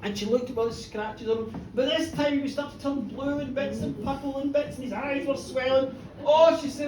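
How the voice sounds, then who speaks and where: Animated storyteller in a pub. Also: sits high, normal speed, slight background noise. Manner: animated, teasing the audience, acting out voices. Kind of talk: live comic horror storytelling. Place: pub, live audience. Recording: echoey pub room, distant mic.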